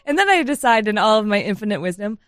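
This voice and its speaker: A woman in her thirties co-hosting a radio show, telling a self-deprecating story in an animated, laughing way. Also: medium pitch, fast, slight background noise. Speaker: radio co-host. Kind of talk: casual chat.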